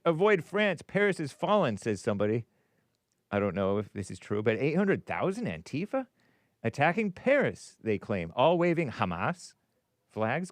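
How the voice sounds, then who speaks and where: A man's voice: medium pitch, no echo, clean studio sound. A man hosting a rambling commentary show, talking casually with a wry, sarcastic edge. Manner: laughs at his own remarks. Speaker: host.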